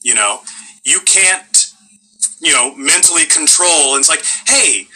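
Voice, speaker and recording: A man's voice: a little high, unhurried, pushed and bright, rough recording. A middle-aged male voice actor in casual interview chat, a wry, self-deprecating storyteller.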